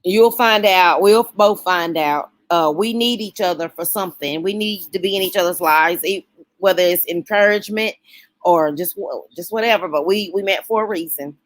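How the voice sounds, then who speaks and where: A woman hosting a casual late-night livestream, talking warmly and emotionally with her viewers. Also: lowish voice, moderate pace, dry recording. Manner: emotional, folksy, talks straight to chat.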